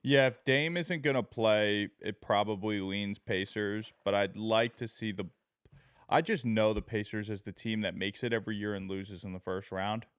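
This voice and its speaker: A man's voice: on the low side, moderate pace, clear, resonant tone, dry recording, studio quality. Chatty young man talking sports. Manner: excitable, gets loud retelling stories. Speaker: podcast co-host. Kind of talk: casual sports chat.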